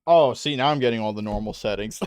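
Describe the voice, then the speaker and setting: A man's voice: medium pitch, fast talker, smooth, dry recording, clean studio sound. A young adult man streaming a video game, rambling and self-mocking with a lot of swearing and frequent laughs. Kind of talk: casual gaming stream commentary.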